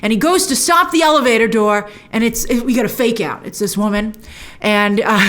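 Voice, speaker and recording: A woman host giving a chatty, animated recap of a TV episode, laughing often and acting out lines. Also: on the high side.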